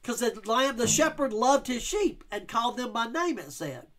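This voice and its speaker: A man's voice: extremely high pitch, very animated, moderate pace, fairly bright tone. A male pastor giving a verse-by-verse teaching sermon, explaining scripture and reading King James wording with emphasis.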